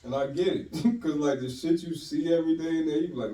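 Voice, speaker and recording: A man talking in a casual group chat, blunt and animated, laughing often, using heavy slang. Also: a little high, a little fast, distant mic. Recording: roomy sound from off-mic.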